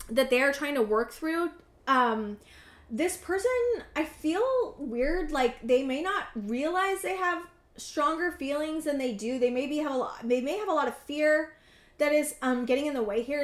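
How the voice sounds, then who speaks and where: A woman in her thirties giving a casual tarot reading to camera, earnest and halting, often repeating words. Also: high voice. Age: 30s. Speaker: tarot reader. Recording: roomy echo.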